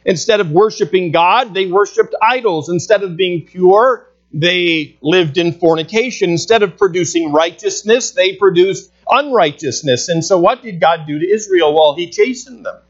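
A man delivering a sermon in an earnest, emphatic way, his voice sitting a little high. He slows to stress his points. The sound is dull and lo-fi. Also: lively intonation. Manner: earnest preaching with slow emphatic phrasing. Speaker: pastor.

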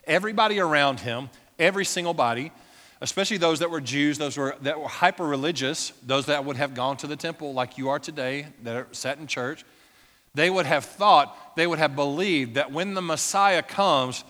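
A man's voice: on the high side, moderate pace. Man preaching with hall reverb. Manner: emphatic preaching, swinging from loud to hushed. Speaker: pastor. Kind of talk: sermon. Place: church. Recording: echoey church hall with long reverb.

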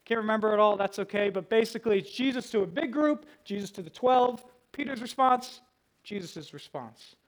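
A man's voice: high-pitched, expressive, moderate pace, low-quality recording. A man preaching a sermon to a congregation, teaching verse by verse and laying out a plain outline. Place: room with a congregation.

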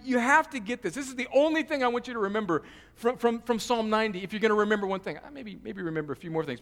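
A man preaching a sermon, passionately pleading at times and dropping to a quiet, earnest tone at others, often repeating his words. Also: extremely high pitch, big-room sound. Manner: repeats words, restarts phrases. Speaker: pastor.

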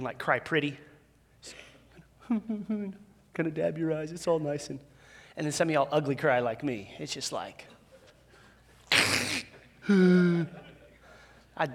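A man preaching a sermon as a pastor in a church, conversational and animated, with self-deprecating humor. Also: a little high. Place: church sanctuary with a live audience. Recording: long reverb of a large hall.

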